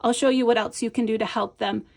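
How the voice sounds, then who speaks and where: A middle-aged woman teaching a lesson, patient and explanatory, slowing down to model each sound and often checking in with "right?". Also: on the high side, fairly even intonation, gravelly, a little mellow. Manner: slows and stretches words when modeling sounds. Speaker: teacher trainer. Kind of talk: instructional video lesson.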